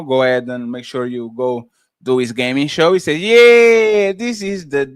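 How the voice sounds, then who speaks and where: A man hosting a live stream, loudly reading out and reacting to chat messages. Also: medium pitch, dry recording. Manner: loud, animated, shouts out chatters. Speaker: livestream host.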